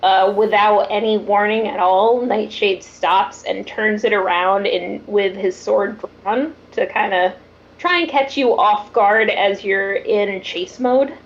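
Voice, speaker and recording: A woman narrating a tabletop role-play game, easygoing and hesitant. She talks slowly in a fairly high voice. Her mic sounds dull and lo-fi. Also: steady tone, slight background noise.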